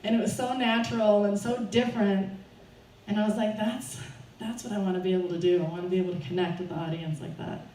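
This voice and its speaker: A woman's voice: medium pitch, fairly even intonation, quick pace, warm tone. Woman speaker at a fundraiser, nervous, laughing storyteller, caught from far off in a roomy space. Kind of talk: personal story told to a live audience. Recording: roomy, distant, faint background noise.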